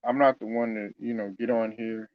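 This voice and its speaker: A man with a lowish voice talks through his sports opinions in a loose, rambling way, stopping and restarting often. The sound is dry and a little dull. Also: steady tone, normal speed, dry recording. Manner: loose and conversational, many fillers and restarts. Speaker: sports commentator. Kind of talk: casual basketball opinion talk.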